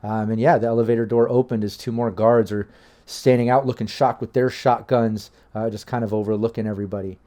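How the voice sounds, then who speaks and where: A man's voice: on the low side, fairly even intonation, brisk, dark tone. A man running a tabletop game as game master, narrating in a rambling way with many fillers and restarts.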